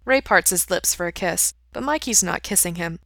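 Lady reading a story, calm and even, lowish voice, dry close sound. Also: moderate pace, no echo. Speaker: reader. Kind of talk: storybook narration.

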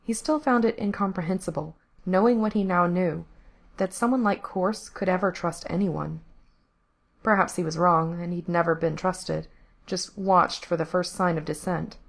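A woman narrating a story aloud at a steady, measured pace. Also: on the low side, creaky.

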